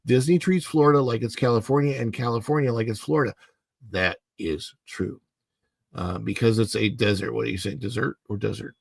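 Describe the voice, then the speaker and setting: A man hosts a solo livestream, sharing strong opinions in an emphatic, halting way, often breaking off and restarting. His voice sits mid-range with a gravelly fry. The sound is close and dry, with no room around it. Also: medium pitch, steady tone, no echo. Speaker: host.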